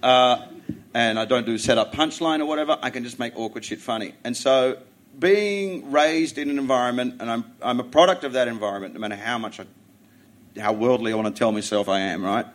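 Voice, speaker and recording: A middle-aged Australian man, a comedian guest in a casual podcast chat, telling stories in a blunt, profane, animated way. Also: mid-range voice, fairly quick.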